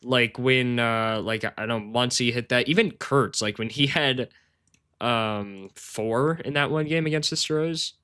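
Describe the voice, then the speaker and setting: This sports betting streamer has a smooth, sharp, mid-range voice and a measured pace. He talks casually with his chat, rambling and slangy, with frequent "bro"s, lots of laughing, and self-deprecating humor.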